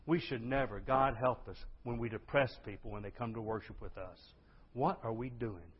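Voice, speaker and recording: A male pastor preaching a sermon with exuberant energy, swinging from loud bursts to hushed lines. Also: medium pitch, moderate pace, slightly rough. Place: church sanctuary. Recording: dull lo-fi sound.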